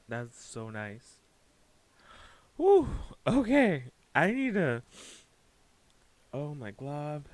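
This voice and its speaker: A man's voice: medium pitch, dry recording. A man giving a spiritual tarot reading, emotional and close to tears, who keeps breaking off mid-sentence to compose himself. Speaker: tarot reader.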